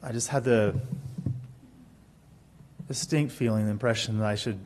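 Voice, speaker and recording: A man speaking at his grandfather's funeral, talking haltingly and softly and repeating words as he gathers himself. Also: fairly low pitch, a little hiss or hum. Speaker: grandson giving a eulogy. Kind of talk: funeral eulogy. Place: funeral home chapel.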